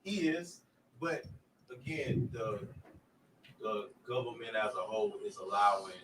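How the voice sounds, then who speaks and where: A man on a casual podcast chat, speaking earnestly and rambling, often trailing off quietly. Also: fairly low pitch, unhurried. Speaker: podcast guest. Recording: distant mic with faint background noise.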